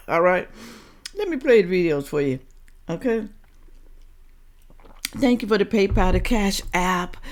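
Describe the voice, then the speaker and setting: A woman hosting a reaction video, giving blunt, scolding commentary that swings from low asides to loud outbursts. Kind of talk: opinionated commentary.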